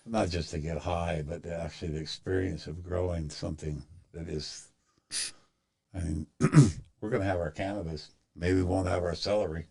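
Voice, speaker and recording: A man on a casual podcast, firing pointed questions and musing softly about growing. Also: fairly even intonation, normal speed, vocal fry. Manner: asks pointed questions, muses in a low, soft voice.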